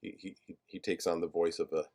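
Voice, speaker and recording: A man teaching a class on a film screenplay, talking haltingly with many fillers and restarts as he searches for page numbers. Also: sits low, little pitch movement, darkish tone. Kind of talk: lecture discussing a film screenplay.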